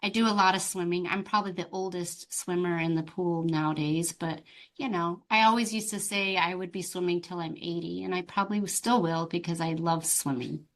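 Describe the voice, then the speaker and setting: A woman's voice: lowish voice, fairly even intonation, brisk. A middle-aged woman, a life coach, telling her story expressively in an interview. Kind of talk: conversational interview.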